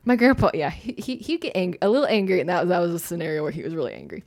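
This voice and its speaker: A woman's voice: fairly low pitch, sing-song, racing, a little mellow, dry recording, clean studio sound. A young woman telling a personal story in casual chat, full of "like" and little laughs. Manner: chatty, heavy use of "like", laughs often.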